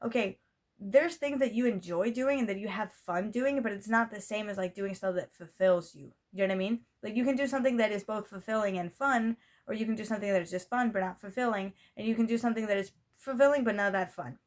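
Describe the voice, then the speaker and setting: A woman's voice: mid-range voice, fast talker. A young woman talking straight to her camera in a casual vlog. She rambles, restarts her sentences and keeps filling the gaps with "like" and "you know what I mean". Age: young adult. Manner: rambling, talkative, many fillers and restarts. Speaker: vlogger. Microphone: camera mic.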